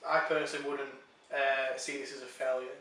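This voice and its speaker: A man with an even, flat tone interviews a contestant hesitantly and sincerely, with many pauses and fillers. He sounds distant from the mic in a very echoey room. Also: medium pitch. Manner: halting, filler-heavy, sincere. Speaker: host. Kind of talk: post-challenge interview.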